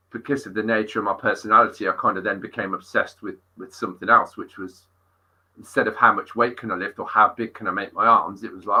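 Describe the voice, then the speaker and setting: A middle-aged fitness coach tells gym stories in an animated, sweary podcast chat. His voice is forceful and tense, with a husky edge. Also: lowish voice, rough recording. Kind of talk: casual interview storytelling.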